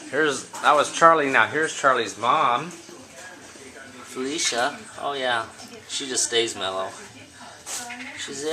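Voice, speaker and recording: Slow and full of long pauses, a mid-range male voice chats casually with his cats at home. He films them on a handheld camera, raising his voice to coo at them as he narrates the home video.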